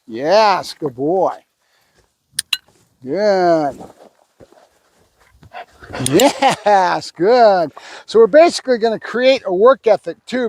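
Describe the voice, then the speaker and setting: High-voiced man giving firm dog commands. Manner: short firm commands mixed with calm explanation. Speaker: dog trainer. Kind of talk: explaining while training a dog.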